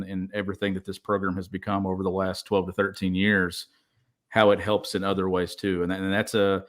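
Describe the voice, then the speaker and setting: A man with a low-pitched voice co-hosts a sports podcast in casual chat. He talks enthusiastically and restarts phrases as he builds his points. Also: a bit bright. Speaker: podcast co-host.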